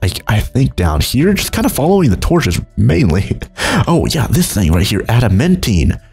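Lively husky young man gaming. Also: normal speed, soft background music. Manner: rambling, chuckling, jumps between low mumbles and high exclaims. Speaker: gaming YouTuber. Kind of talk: Minecraft let's play commentary.

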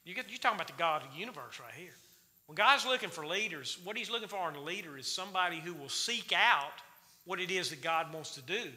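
A man's voice: a little high, bright, forceful tone. A man teaching a Wednesday night Bible study in a church, folksy and quizzing the congregation with questions. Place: church sanctuary. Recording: reverberant church hall.

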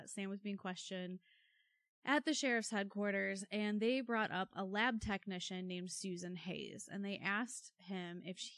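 A woman co-hosting a true-crime podcast, telling the story with wry, animated asides. Her voice sits in a middle pitch. It is recorded close and dry, with no room echo. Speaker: podcast co-host.

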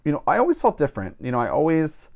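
A man's voice: fairly high pitch, wildly swooping pitch, fast, creaky, a little mellow. A non-binary drag performer with a man's voice, speaking reflectively in a documentary interview, often saying "you know.". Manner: reflective, personal, many you-knows.

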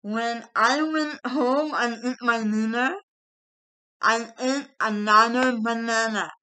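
A middle-aged woman vlogger slowly recounting a personal experience in halting, emotional phrases. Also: a little high, steady tone, sharp tone, low-quality recording. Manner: slow, halting, emotional retelling. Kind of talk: personal vlog storytelling.

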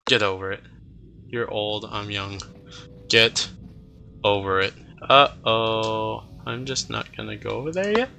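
A man's voice: on the low side, unhurried, creaky, sharp tone. A nineteen-year-old man giving goofy, casual commentary while he plays a video game, talking to himself, cheering and groaning. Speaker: let's play gamer.

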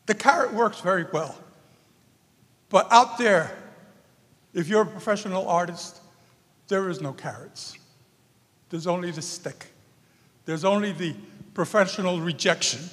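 A man, an acting teacher, giving an emotional and animated memorial speech on a theater stage. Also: sits high. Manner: animated, emphatic, sings a song. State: emotional, nervous. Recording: echoey theater hall.

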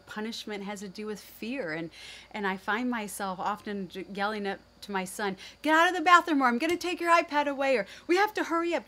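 A woman's voice: fairly low pitch, a little hiss or hum. A middle-aged woman giving a candid, earnest faith-based parenting talk as host, telling personal stories.

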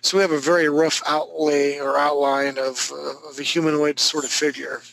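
Gravelly man walking through a drawing demo. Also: fairly high pitch, flat delivery, moderate pace, a bit bright, a little hiss or hum, low-quality recording. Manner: easygoing and joking, talks through each step. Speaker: drawing instructor. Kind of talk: live drawing demonstration.

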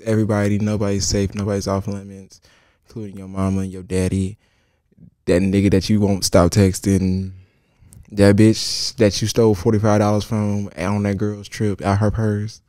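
A young man hosting a comedic story time, animated and profane, jumping from loud outbursts to hushed asides. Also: lowish voice, moderate pace, clear, resonant tone, no echo, clean studio sound. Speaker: host.

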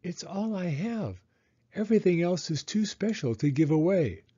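Brief: man voicing a storybook boy turtle, raised pitch, eager and excitable. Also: normal speed, breathy edge, dull audio. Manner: eager, bright exclamations.

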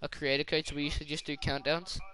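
A young man chats through a game stream, cursing freely and cracking crude jokes. His voice sits a little high and sounds bright and forceful. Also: level tone, quick pace, low-quality recording. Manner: crude, swearing, laughing banter. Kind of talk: casual gaming stream chat.

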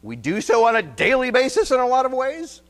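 A male pastor preaching an expository sermon, telling stories and acting out quotes, then dropping to quiet emphasis. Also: very high-pitched, brisk. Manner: animated storyteller, acts out quotes, drops to quiet emphasis.

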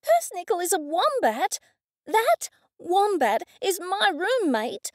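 A woman narrator voicing a friendly, patient young woman witch who speaks gently, slowly and with a pleading tone. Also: very high voice, sing-song, dry recording, studio quality, voice pushed up, exaggerated voice. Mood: earnest, gentle. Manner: gentle, slow and pleading, sometimes hushed.

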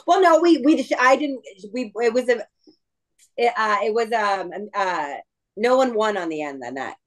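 A middle-aged woman speaking as a guest, her voice sitting at an ordinary pitch. She talks in an emotional, halting way, often restarting her sentences mid-thought. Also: fairly bright tone, rough recording. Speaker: guest wrestler. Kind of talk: casual interview chat.

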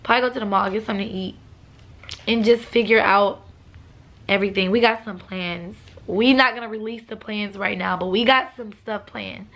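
Young woman vlogger, relaxed and chatty, slightly rough morning voice. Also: medium pitch, moderate pace. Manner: relaxed, chatty, laughs often. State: morning voice with a cough. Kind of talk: casual vlog talk to viewers.

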